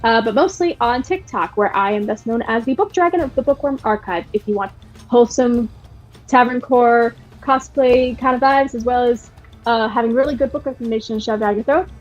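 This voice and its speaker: A woman's voice: a little high, a little fast. A woman who plays in a tabletop game stream, chatting in a bubbly, enthusiastic way as she plugs her channels. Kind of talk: casual chat, plugging her channels. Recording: muffled lo-fi mic.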